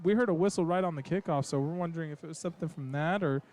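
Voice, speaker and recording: A man doing color commentary for high school football, chatty and joking, with plenty of fillers. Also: racing, a little mellow.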